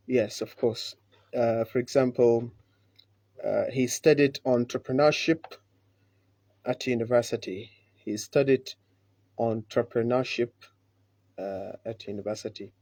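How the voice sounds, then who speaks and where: A man teaching pronunciation in a live class, speaking slowly and repeating each word with many fillers. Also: medium pitch, fairly even intonation, a little mellow, no echo. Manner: slow and deliberate, repeats words, many "uh" fillers. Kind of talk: live online pronunciation lesson.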